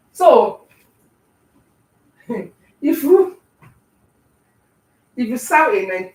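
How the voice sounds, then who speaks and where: A woman's voice: fairly high pitch, a bit bright. Lecturing Nigerian woman, roomy distant sound. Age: older. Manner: lecturing, joking, laughs often. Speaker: cooking show host. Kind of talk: casual chat while cooking live. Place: home kitchen.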